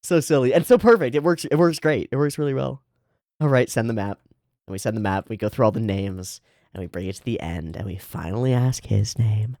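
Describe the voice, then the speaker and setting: A man records casual reaction commentary on an anime episode, his fairly low voice swinging widely in pitch as he gets animated. He laughs often and swears freely. The sound is dry and close, with no room echo. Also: brisk, vocal fry.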